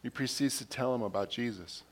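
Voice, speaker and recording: A man's voice: mid-range voice, brisk, creaky, slightly rough. A man preaching a sermon in a conversational way, retelling scenes with quoted dialogue and often repeating and restarting words. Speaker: pastor.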